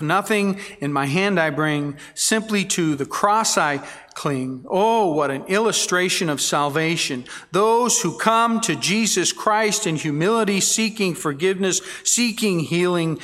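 A man's voice: on the high side, fairly bright tone, long reverb tail. A man preaching an expository sermon, reading scripture aloud and stressing key words earnestly. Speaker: pastor.

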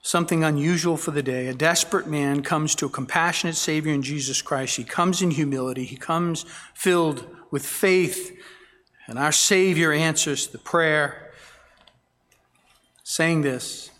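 A man preaches a sermon with earnest emphasis, reading verses aloud and dwelling on key words. His voice sits somewhat high for a man. It rings out with a long reverb through a church sanctuary. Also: unhurried, fairly bright tone. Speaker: pastor. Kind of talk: expository sermon.

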